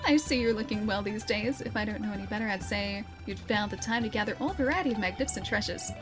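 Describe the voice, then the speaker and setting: A woman's voice: medium pitch, fast, over music, lightly acted. A woman with an Australian accent reading the lines of a goofy older male fortune teller from a game, with theatrical, mystical phrasing.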